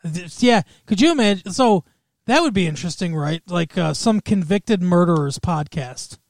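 A man's voice: high voice, expressive, moderate pace, dry recording. A man co-hosting a podcast, chatting casually and agreeably with a joking edge. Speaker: podcast co-host. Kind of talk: casual chat.

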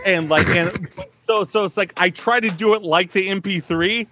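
A voice-over artist chatting casually, rambling with lots of fillers and acting out snippets of narration reads. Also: male voice, sits high, moderate pace. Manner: rambling, animated, full of "like" and mock voice-over reads. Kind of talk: casual storytelling chat.

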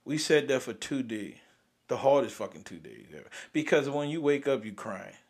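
A young man, hosting and venting about grief in a raw, profane way, swinging from loud outbursts to near-whispers. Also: medium pitch, big pitch swings, moderate pace. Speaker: podcast host. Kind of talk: emotional personal venting.

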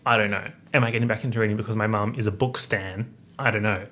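There's slight background noise as this young Perth podcaster talks quickly in a fairly low, steady, fairly bright voice. He gives a chatty, campy update, full of slang and self-mockery.

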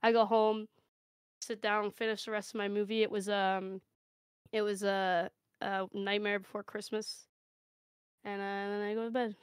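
A woman telling an improvised comic story with brash, deadpan delivery and free swearing. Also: medium pitch, moderate pace, clear, resonant tone, no room sound, clean studio sound. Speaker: panelist.

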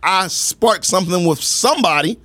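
A man's voice: high voice, lively intonation, normal speed, fairly bright tone, no echo. A man co-hosting a podcast in casual, argumentative chat, talking dramatically and with lots of swearing while he keeps getting cut off. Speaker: podcast co-host.

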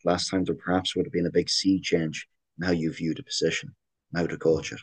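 A man's voice: low voice, fairly even intonation, brisk, breathy edge. A man with an Irish accent hosting a podcast interview, patiently rephrasing his questions. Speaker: podcast host.

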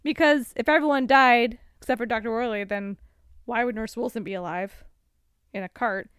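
A woman co-hosting a casual podcast, recapping a movie and acting out the characters in quick voices. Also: on the high side, fairly bright tone, clear, resonant tone, dry recording, studio quality. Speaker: podcast co-host.

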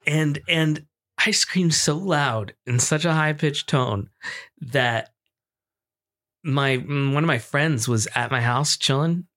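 A young man co-hosting a casual podcast, telling a story in a loose, swearing, animated way and acting out the people in it. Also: fairly high pitch, slow pace. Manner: animated, swearing, acts out screams and quotes. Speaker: podcast co-host.

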